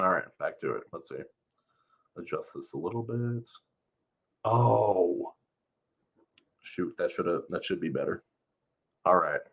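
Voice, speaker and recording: A man's voice: low voice, a bit bright. A man reading a novel aloud on a live stream and chatting casually with viewers, laughing often.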